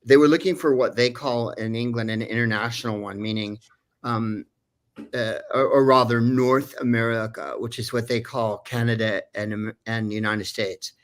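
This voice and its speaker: A man's voice: mid-range voice, steady tone, normal speed. A man who is a voice actor telling a story in a casual way, rambling and digressing with many fillers. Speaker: voice actor guest.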